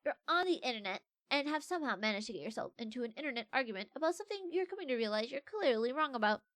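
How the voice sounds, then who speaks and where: A woman's voice: sits high, animated, very fast, a bit bright, no room sound. A young adult woman streamer in casual livestream chat, playfully reading quiz questions aloud and joking about them.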